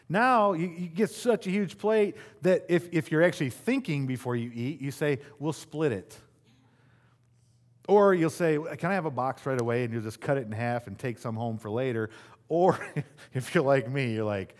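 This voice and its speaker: A middle-aged man preaching a sermon as pastor to his church, conversational and animated, with playful asides to the congregation. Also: a little high, normal speed.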